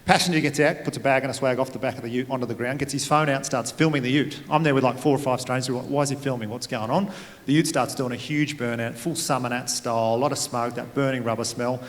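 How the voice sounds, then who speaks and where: This is a stand-up set by an Australian comedian at a comedy gala, performed fast on a theatre stage in a mid-range voice. His storytelling is relaxed, dotted with deadpan asides, captured through a stage mic amid long hall reverb and bursts of audience laughter.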